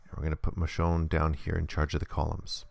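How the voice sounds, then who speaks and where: A man's voice: rumbling low, monotone, brisk, vocal fry, dry recording. A man teaching a hands-on lesson, explaining patiently step by step. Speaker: instructor.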